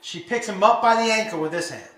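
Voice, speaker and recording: A man performing stand-up comedy, telling a story with animated energy and shouting his punchlines, recorded live in a comedy venue over audience laughter. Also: high-pitched, fast, a little hiss or hum. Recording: roomy live venue, heard from a distance.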